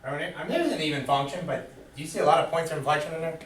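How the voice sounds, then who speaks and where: A man with a slightly high voice races through a math lecture, putting fill-in questions to his students. The classroom is echoey and he is far from the microphone.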